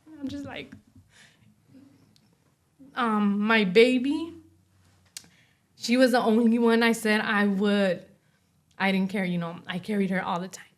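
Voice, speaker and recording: A woman being interviewed, telling a personal story in a halting way, full of fillers like "you know" and "like.". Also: medium pitch, steady tone. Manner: acts out other people's words while telling her story. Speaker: interview guest.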